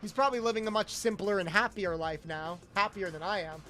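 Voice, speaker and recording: A young man streaming a video game, chatting casually with viewers, loud and animated with swearing. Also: high-pitched, fairly quick, soft background music. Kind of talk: casual gameplay livestream chat.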